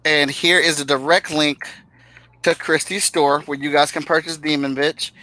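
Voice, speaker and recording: Bright, easygoing host keeping things moving, dry sound. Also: medium pitch, steady tone, normal speed, no echo, poor audio. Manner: brief, easygoing replies. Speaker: show host. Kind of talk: casual chat.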